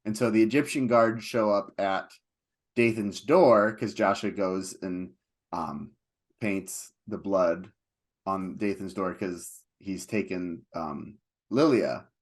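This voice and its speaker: A man co-hosting a film podcast, talking casually and at length, getting animated when he retells scenes. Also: low-pitched, takes it slowly. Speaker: podcast co-host.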